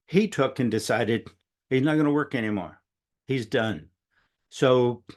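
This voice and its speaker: A middle-aged man telling a long personal story in a casual, rambling way, often quoting what others said. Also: on the low side. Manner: rambling, conversational, quotes others at length. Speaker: speaker sharing a personal story.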